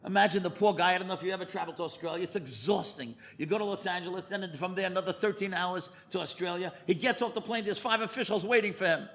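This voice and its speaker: Animated high-voiced rabbi telling a story. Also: male voice, fast, few pauses. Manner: animated storyteller, pitch leaping high for emphasis. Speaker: rabbi giving a lecture. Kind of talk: storytelling sermon.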